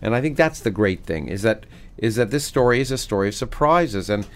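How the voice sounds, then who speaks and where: A middle-aged man, a physicist guest, talking animatedly in an interview with many restarts. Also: fairly low pitch. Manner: animated, many restarts, reads a passage slowly. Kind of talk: conversational interview.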